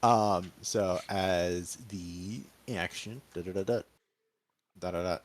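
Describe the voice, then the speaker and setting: Low-voiced man, hesitant tabletop player. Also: fairly even intonation, takes it slowly. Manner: hesitant, thinking aloud. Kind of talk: describing his character's turn in a tabletop game.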